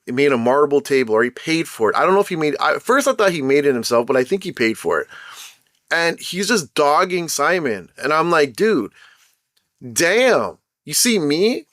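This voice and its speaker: A young man of Caribbean background giving casual commentary as a show host, animated, acting out quotes as he retells. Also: fairly high pitch, dry recording, clean studio sound.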